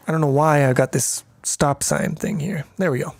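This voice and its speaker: A man's voice: fairly high pitch, fairly even intonation, normal speed, no room sound. Man walking through code, rambling and crude. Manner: rambling, crude jokes and swearing; thinks aloud, many fillers. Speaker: programming tutor. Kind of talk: casual screencast code walkthrough.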